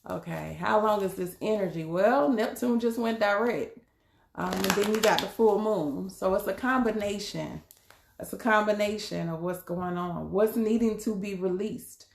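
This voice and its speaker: A woman's voice: medium pitch, moderate pace, vocal fry, echoey room, slight background noise. A woman doing a casual live tarot reading, chatty and laughing often, calling her viewers y'all and beloved. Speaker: tarot card reader.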